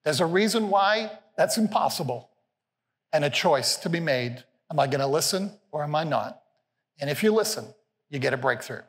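Man preaching a sermon, senior pastor, fairly high voice, animated and playful, long hall reverb. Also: normal speed. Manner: animated, playful, acts out quotes with rising pitch. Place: large church hall with a live congregation.

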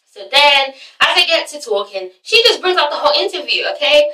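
Woman vlogger, high bright voice, cussing, recapping, echoey room, mic set back. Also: a little fast. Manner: swearing, animated, acts out scenes. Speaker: vlog host reviewing a reality show. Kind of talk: casual review chat. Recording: roomy, mic at a distance.

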